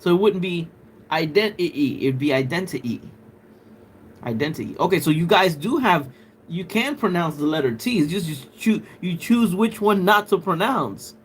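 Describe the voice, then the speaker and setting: A man's voice: sits high, lively intonation, moderate pace, slight background noise. A man with a Puerto Rican accent chatting casually on a livestream, musing aloud with crude, playful banter. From Puerto Rico. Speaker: livestream host.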